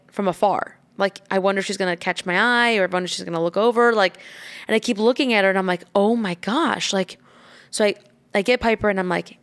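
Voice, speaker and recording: Woman, mother, casual storytelling, animated, swears freely, mid-pitched voice. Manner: animated, swears freely, acts out quoted lines.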